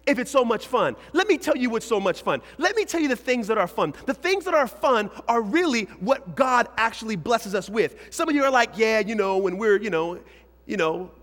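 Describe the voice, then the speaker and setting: Man, youth pastor, lively sermon, very high voice, long reverb. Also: fairly quick, hardly any pauses. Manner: animated, shifts between shouting and hushed asides. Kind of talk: lively sermon to young people. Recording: hall reverb.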